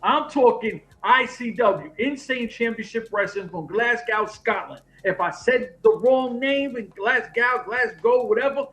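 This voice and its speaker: A man's voice: very high-pitched, measured pace, few pauses. A man co-hosting a wrestling podcast, telling stories in casual chat, swearing freely and acting out what his friends said. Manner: animated storyteller, swears freely, acts out quoted friends. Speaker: podcast co-host.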